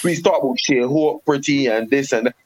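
The dull, lo-fi recording captures a regular panelist, a West Indian-accented man from the Caribbean, arguing heatedly over cricket. He's emphatic and repetitive in this sports debate, with a mid-range voice and a brisk delivery.

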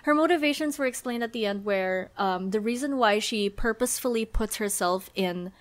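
A woman's voice: a little high, normal speed. A woman with an accent co-hosting a podcast, sharing opinions in an earnest, casual way and often restarting her thoughts. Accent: non-standard English accent. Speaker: podcast co-host. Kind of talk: casual group review chat.

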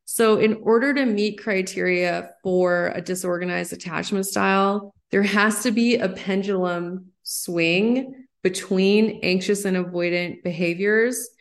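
A woman in her thirties, a psychologist guest on a podcast, explaining ideas in an animated, excited way. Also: mid-range voice, measured pace. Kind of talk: podcast interview.

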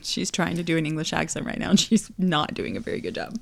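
Woman, American, podcast co-host, casual chat, teasing banter, lower pitch. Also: steady tone, fast talker, vocal fry, fairly bright tone. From United States.

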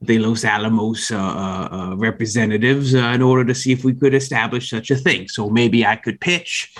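A man's voice: fairly low pitch, normal speed, lightly acted. A man doing a drawling folksy chicken seller. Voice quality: put-on accent, drawling with many "uh"s. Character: folksy man selling chicken from a chuck wagon, with a hurt wing. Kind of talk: tabletop role-play in character.

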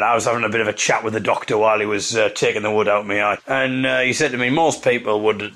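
A man's voice: medium pitch, bright, forceful tone. Rambling self-mocking man. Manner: self-deprecating, rambling storytelling with put-on voices. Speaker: podcast host. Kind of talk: comic monologue.

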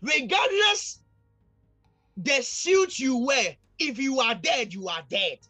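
A male pastor preaching a fervent sermon, repeatedly calling out to the congregation and swinging between shouting and near-quiet. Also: extremely high pitch, expressive, takes it slowly, faint music behind.

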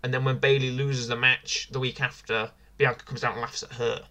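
A man's voice: mid-range voice, little pitch movement, brisk, pushed and bright. A man co-hosting a casual review podcast, rambling and repeating himself as he restarts his sentences. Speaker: podcast co-host. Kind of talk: casual wrestling review chat.

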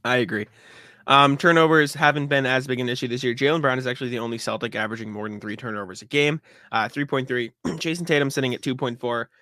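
A man co-hosting a sports podcast, speaking in a bright, ringing voice. He talks casually and clears his throat often. The recording is close and dry. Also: mid-range voice, fairly even intonation, fast, no room sound. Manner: conversational, uses fillers and laughs, clears throat often. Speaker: podcast co-host.

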